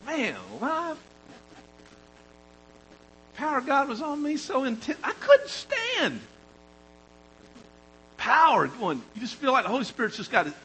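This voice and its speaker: A man preaching a sermon, talking to the congregation in an animated, conversational way that swings from loud emphasis to quiet storytelling. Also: extremely high pitch, moderate pace, long pauses, a little hiss or hum, rough recording.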